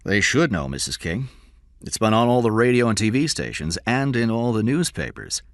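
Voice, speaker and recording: A man reading aloud and voicing a calm male police officer who speaks matter-of-factly. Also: lowish voice, normal speed, no room sound, studio quality, voice pushed up.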